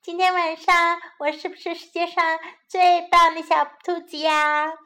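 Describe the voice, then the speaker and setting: A woman voicing a small, stubborn boy bunny who refuses to go to bed, talking high and eager. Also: flat delivery, normal speed, bright, forceful tone. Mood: insistent.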